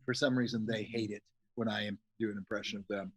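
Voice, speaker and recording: A man's voice: on the low side, fairly even intonation, fast talker, slightly rough, low-quality recording. A middle-aged man, a special effects artist guesting on a podcast, talking casually in a rambling, jokey way and swearing freely.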